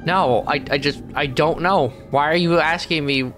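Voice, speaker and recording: A man's voice: on the high side, moderate pace, faint music behind, natural voice. A man voicing a grumpy, weary middle-aged male squid, grumbling sarcastic commentary while playing a game. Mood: bewildered. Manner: sarcastic, grumbling, deadpan asides. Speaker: let's play gamer. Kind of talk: character let's play commentary.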